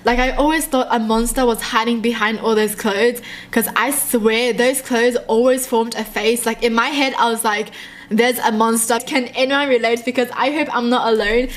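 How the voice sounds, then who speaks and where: A young woman reading short horror stories aloud and reacting in a jumpy, excitable way, often laughing. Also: a little high, moderate pace, hardly any pauses.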